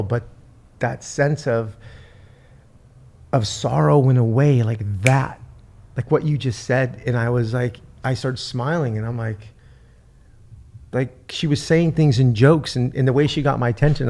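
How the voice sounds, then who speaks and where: Casting: middle-aged male podcast host, gravelly, halting, emotional storyteller. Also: medium pitch, darkish tone. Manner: halting, repeats words, retells talks with his mother.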